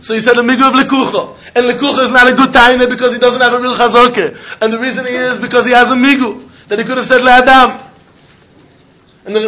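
High-voiced man giving a lively Talmud lecture. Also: dull audio. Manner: animated, sing-song reasoning with quick laughs. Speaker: Talmud teacher.

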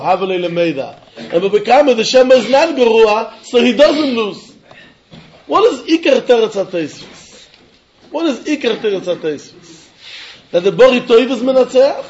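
Male Talmud teacher, high voice, quick and emphatic delivery, dull low-fi recording. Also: darkish tone, slight background noise. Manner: rapid, emphatic, switching between English and Hebrew. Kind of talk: Talmud lecture.

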